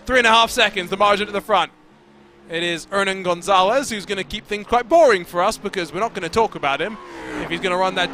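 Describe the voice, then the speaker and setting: A man commentating a sim racing broadcast, joking with his co-host as he calls the action. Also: high voice. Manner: lively, joking banter with co-host. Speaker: race commentator. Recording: background race car noise.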